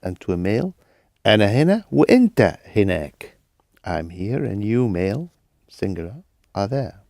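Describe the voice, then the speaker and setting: A man's voice: on the low side, sing-song, moderate pace, creaky, warm tone, no room sound, studio quality. A man assisting in a language lesson, modeling phrases and explaining them with examples. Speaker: native-speaker language assistant.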